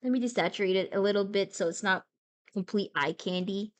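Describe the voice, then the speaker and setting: A young adult woman chatting casually on a live stream while she draws, playful and rambling, with sudden bursts of excitement. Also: medium pitch, a little fast.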